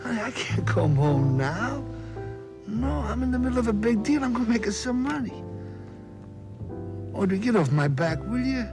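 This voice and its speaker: An actor playing a loud, wisecracking, self-pitying middle-aged talent agent in a 1970s television drama. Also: male voice, very high-pitched, sing-song, normal speed, long pauses, music in the background, full character voice. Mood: regretful. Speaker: theatrical agent.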